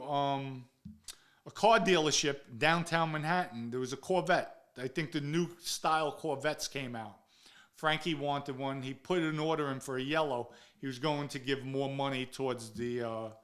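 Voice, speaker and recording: A man's voice: mid-range voice, a bit bright. Blunt New man telling stories. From New York area. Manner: blunt and profane, acts out quoted dialogue. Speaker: guest recounting his own past. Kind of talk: casual first-person storytelling.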